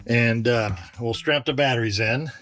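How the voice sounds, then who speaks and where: Halting man walking through a DIY install. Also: mid-range voice, fairly bright tone, soft background music. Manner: plain, halting, lots of "uh". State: out of breath. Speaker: RV owner doing a DIY install. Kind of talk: casual how-to walkthrough. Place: travel trailer and its storage bay, hot weather.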